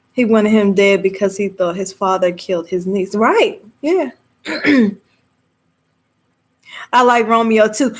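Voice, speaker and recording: Chatty woman hosting a live movie chat. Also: on the high side. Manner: chatty and animated, laughing often. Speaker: host of a live movie discussion show. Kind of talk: casual live chat reacting to viewers.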